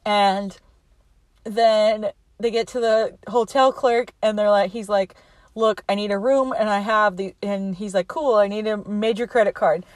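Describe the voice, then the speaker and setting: A woman's voice: medium pitch, fairly even intonation, a little slow, no room sound. A young woman casually retelling a movie plot, chatty and laughing often, acting out the characters' lines.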